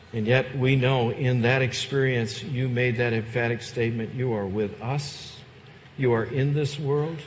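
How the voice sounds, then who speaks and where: A man's voice: medium pitch, a little hiss or hum. A man preaching a sermon as a pastor and closing in prayer, earnest and emphatic, repeating his phrases. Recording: long reverb, dull lo-fi sound.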